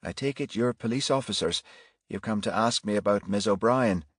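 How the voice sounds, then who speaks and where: A man voicing a middle-aged male pastor with a soft Irish brogue and a solemn, gentle manner. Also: fairly low pitch, moderate pace, husky, no echo, clean studio sound. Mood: gently solemn.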